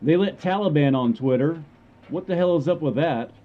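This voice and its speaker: A man's voice: a little high, normal speed, muffled recording. A man ranting about a game update, rambling and stammering in frustration. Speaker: gamer commentator. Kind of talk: ranting commentary.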